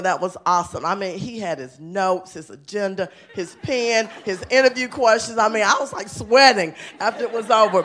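A woman's voice: medium pitch, fairly bright tone. A woman school principal giving an enthusiastic, chatty award speech at a city council meeting. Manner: enthusiastic, chatty, laughing often.

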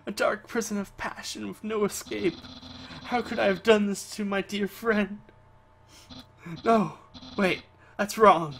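A man voicing an awkward, earnest male skeleton in a low, mumbly, halting way. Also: gravelly, a bit bright, a little hiss or hum, full character voice, poor audio.

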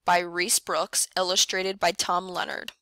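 A woman reading a picture book aloud to young children, slow and clear, with playful animal sounds. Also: dry recording. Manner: reads slowly and clearly, voicing animal sounds with lively jumps in pitch. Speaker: first grade teacher reading aloud.

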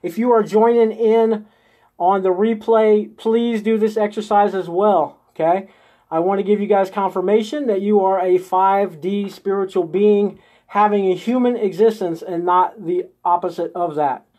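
A man's voice: sits high, fairly even intonation, normal speed, warm tone. A man leading a live-streamed spiritual coaching session. He talks his viewers step by step through an inner exercise and keeps checking in with a coaxing "okay?" or "right?" every few sentences. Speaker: host of a live group session.

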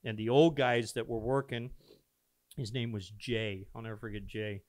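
A man's voice: fairly low pitch, steady tone, normal speed, dry recording. An older man, a pastor and podcast guest, talking casually in an easygoing, agreeable way while reminiscing. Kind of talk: casual conversation.

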